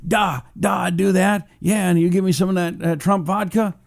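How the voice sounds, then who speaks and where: A man putting on a clumsy comic impression of a male Russian leader with a thick mock Russian accent, higher than his usual voice. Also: fairly even intonation, moderate pace, gravelly. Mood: eager.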